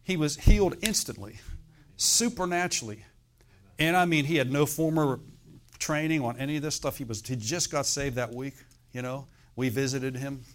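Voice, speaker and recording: This middle-aged man is a pastor delivering an informal sermon at normal speed, his voice at a standard middle pitch for a male. Between points, he keeps asking his listeners "okay?" and "amen?".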